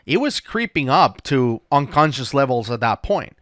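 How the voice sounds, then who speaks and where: A man's voice: medium pitch, very animated, moderate pace, fairly bright tone, no room sound, clean studio sound. A man hosting a dive talk show, patiently explaining things step by step in a casual chat. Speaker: dive instructor and podcast host.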